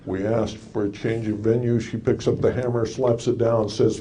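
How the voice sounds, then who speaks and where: A man's voice: fairly low pitch, little pitch movement, moderate pace, few pauses, mellow, slight background noise. Wry folksy older male storyteller. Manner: folksy, wry storyteller with punchlines and acted quotes. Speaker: speaker telling a story to an audience. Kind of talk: storytelling talk to a live audience.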